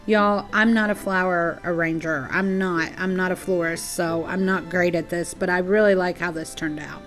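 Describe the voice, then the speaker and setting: Breathy woman crafting host. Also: fairly low pitch, fairly even intonation, normal speed. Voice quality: chatty, apologetic, uses y'all. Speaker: DIY crafts channel host. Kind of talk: casual craft tutorial narration. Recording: soft music behind.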